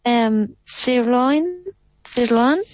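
A female language student with a fairly high voice answers her teacher's questions slowly and carefully. The sound is dry and close. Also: animated, darkish tone, no echo, rough recording. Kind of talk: answering in class.

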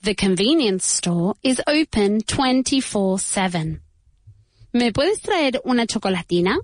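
Female English teacher for Spanish-speaking beginners, mid pitch, dry close mic, slow drilled repetition, mixes in Spanish. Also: very animated, dry recording. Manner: slow, exaggerated repetition of model phrases; switches between English and Spanish.

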